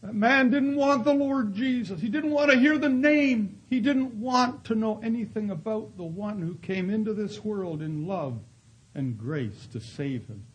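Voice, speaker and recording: A man's voice: high voice, lively intonation, a little slow, husky, dull audio. A man preaching a sermon in an earnest storytelling manner, acting out the people in his stories. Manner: earnest, acts out voices in quoted dialogue. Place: Canada.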